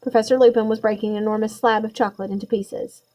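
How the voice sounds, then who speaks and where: A woman narrating a storybook chapter in a measured, suspenseful way. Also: on the high side, steady tone, warm tone, poor audio. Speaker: audiobook reader.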